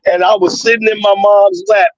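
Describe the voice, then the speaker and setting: A man's voice: high-pitched, moderate pace, no room sound. A man calling into a show who tells a crude story with lots of swearing and laughter. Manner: animated, profane, laughs at his own story. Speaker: caller. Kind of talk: casual storytelling on a call-in show. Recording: dull, dry, lo-fi call audio.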